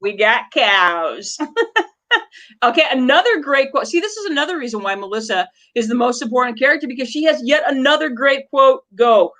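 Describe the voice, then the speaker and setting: A woman's voice: high-pitched, expressive, a little fast, fairly bright tone. Chatty enthusiastic woman co-host. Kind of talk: casual podcast chat about a movie.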